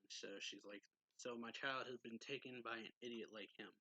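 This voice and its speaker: A man's voice: mid-range voice, steady tone, moderate pace, sharp tone, no echo, poor audio. A man casually retelling the events of a manga chapter, reading out characters' lines loosely and filling in with many fillers. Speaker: manga reviewer.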